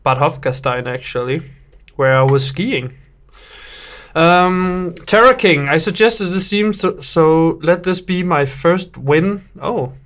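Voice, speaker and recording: Teasing man, slightly high voice. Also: slow, fairly bright tone. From Denmark. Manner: playful, teasing banter. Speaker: game developer and build challenge judge. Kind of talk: casual gameplay commentary.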